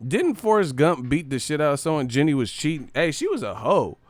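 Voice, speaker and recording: A man's voice: a little high, sing-song, a little fast, no room sound. Profane, joking man from the Bay Area. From Bay Area, California. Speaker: live-stream host. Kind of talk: casual live-stream commentary.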